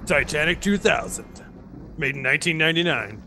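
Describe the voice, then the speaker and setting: A man co-hosting a livestream, chatting casually and sharing trivia about low-budget films. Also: animated, brisk, bright, forceful tone, slight background noise. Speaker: stream co-host. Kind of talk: casual chat about bad movies.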